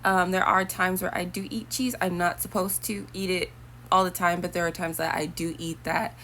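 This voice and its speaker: A woman's voice: fairly low pitch, flat delivery, moderate pace, pushed and bright, slight background noise. A young woman talking casually to her viewers, rambling and chatty with preachy asides. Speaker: vlogger. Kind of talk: casual talk to camera.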